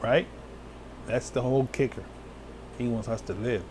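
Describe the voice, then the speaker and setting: A man preaching as an elder, reading scripture slowly and talking casually with his listeners. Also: medium pitch, darkish tone, slight background noise. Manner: slow, drawn-out scripture reading with sudden whoops and laughs; casual, talks to viewers live.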